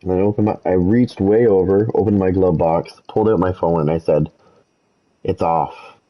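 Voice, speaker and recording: In lo-fi sound, a man with a low voice and moderate pace rambles through a story over gameplay. He's a gaming streamer talking casually to viewers, swearing freely and growing animated when he quotes himself.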